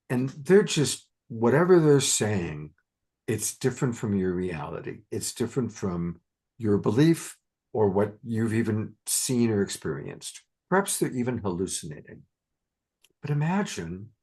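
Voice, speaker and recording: A woman hosting a spiritual conversation, telling an animated coaching story. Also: extremely low pitch, husky. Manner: animated storytelling, acting out a child's fear. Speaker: host.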